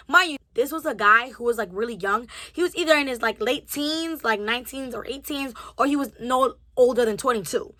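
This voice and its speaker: Bright-voiced young woman telling a story. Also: high voice, fairly quick, dry recording. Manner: animated, acts out both sides of the dialogue with a rising temper. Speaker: vlogger. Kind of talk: story time retelling.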